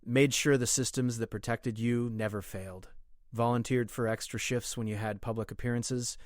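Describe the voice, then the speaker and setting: A man voicing a humble, devoted human translator who speaks earnestly and gently. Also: mid-range voice, steady tone, normal speed, dry recording, clean studio sound, lightly acted.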